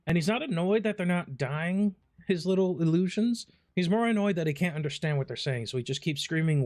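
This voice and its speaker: A man commenting on his gameplay in a loose, profane, animated way. His voice sits a little high for a man. Faint music plays underneath. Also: a little fast. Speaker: gaming streamer.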